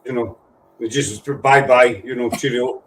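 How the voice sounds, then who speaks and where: A man's voice: medium pitch, fairly even intonation, a little slow, a bit bright, poor audio. A Scottish man hosting a casual live-stream chat, rambling along and teasing his guests. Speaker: host. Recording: faint background noise.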